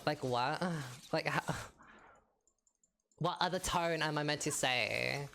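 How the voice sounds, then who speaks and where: Low gravelly streamer woman. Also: unhurried, bright, forceful tone. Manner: exasperated, rhetorical, repeats herself. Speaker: game streamer. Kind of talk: casual stream chat while gaming.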